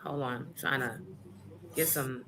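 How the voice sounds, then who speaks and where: A woman hosting a live morning stream, chatting casually and giving playful shoutouts to her viewers. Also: a bass voice, steady tone, a little slow, background noise. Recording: music playing clearly behind.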